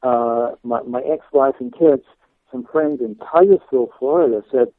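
An English-accented man from England, appearing as a guest minister, narrates his story for radio in a chatty, laughing way with many fillers and restarts. His voice is medium-pitched at normal speed, coming through a dry, tinny phone line with no room sound.

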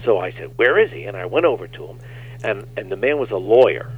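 A man, a guest minister, telling animated stories on a talk show and acting out the quotes. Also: on the low side, fast, breathy edge. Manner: animated storyteller, acts out quotes. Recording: tinny phone line.

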